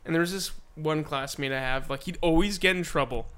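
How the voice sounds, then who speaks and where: In a fairly high, clear and resonant voice, a young podcast co-host tells school stories at a fairly quick clip. The chat is casual, and he keeps laughing and performing the voices of the people in his tales.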